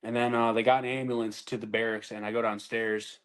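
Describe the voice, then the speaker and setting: A man's voice: mid-range voice, little pitch movement, brisk, a bit bright, clean tone, poor audio. A man, an army veteran, telling his own story in a candid, casual way, blunt and full of swearing.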